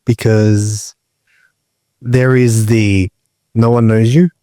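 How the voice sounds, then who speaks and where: A man's voice: fairly low pitch, flat delivery, takes it slowly, mellow, no room sound, clean studio sound. Rambling podcast co-host, a man. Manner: rambling, questioning. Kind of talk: casual podcast chat.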